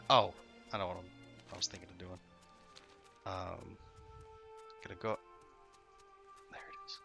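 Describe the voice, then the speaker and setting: A man with a low, gravelly voice talks his way through a live game stream, loose and rambling, cursing casually and poking fun at himself. He sounds a little sleepy. Game music plays clearly underneath him. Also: slow pace, long pauses. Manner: rambling, self-mocking, swears freely.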